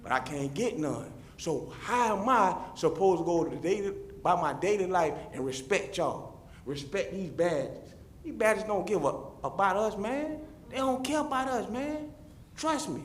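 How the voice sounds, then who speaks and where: A man's voice: sits high, slight background noise. A man giving a fervent, repetitive public comment that speaks straight to the officials. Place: city meeting chamber. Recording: roomy echoey chamber.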